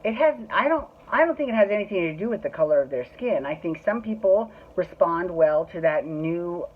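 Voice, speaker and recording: Woman, podcast host, casual solo recap, chatty, gushing, swears a lot, lowish voice, tinny phone-like sound. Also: lively intonation, a little fast.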